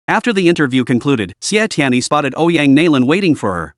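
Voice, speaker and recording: A man reads a romance comic recap as scripted narration. His voice sits fairly high and moves with very lively intonation. The sound is dry and close. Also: a little fast, hardly any pauses, no echo.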